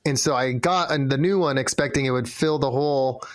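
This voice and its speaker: A man trades jokes on a casual podcast. His voice is mid-pitched and recorded close and dry. He laughs often and slips into funny voices when he tells a story. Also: a little fast, no room sound. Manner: joking, laughs often, acts out voices in stories. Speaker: podcast co-host.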